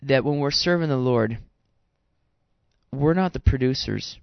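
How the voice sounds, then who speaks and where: A man's voice: mid-range voice, measured pace, creaky, clear, resonant tone, no echo. A man preaching a sermon in an earnest, exhorting way, talking straight to his listeners. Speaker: pastor. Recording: dull dry sound.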